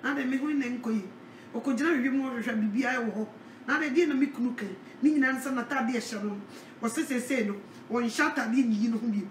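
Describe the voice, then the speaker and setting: A woman preaching a sermon, animated, with a repeated call-out refrain. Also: fairly high pitch, fast, recorded from a distance, a little hiss or hum. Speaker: evangelist. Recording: echoey, from off the mic.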